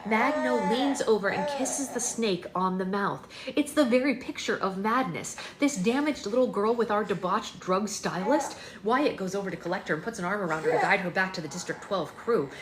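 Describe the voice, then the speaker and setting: A woman and mother reading a novel aloud on a livestream, expressive, pausing to coo softly to her baby. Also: medium pitch, crowd noise. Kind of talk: read-aloud narration with asides. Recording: echoey room with background noise.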